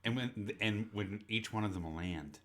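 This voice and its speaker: A man's voice: fairly low pitch, unhurried, fairly bright tone. A man co-hosting a podcast in casual chat, enthusiastic and swearing often. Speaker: podcast co-host.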